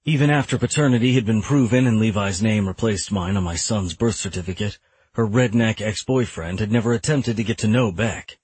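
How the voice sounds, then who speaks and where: A low, husky man narrates a first-person audiobook with a wry, irritated edge. The sound is dry and close on a studio mic. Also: fairly quick, darkish tone, no echo.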